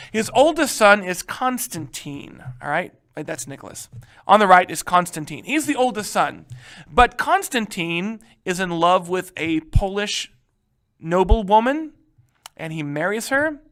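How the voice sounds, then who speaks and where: A male history teacher giving a casual, animated lecture, joking and checking in with his students. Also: sits high, unhurried. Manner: animated, joking, keeps asking "right?".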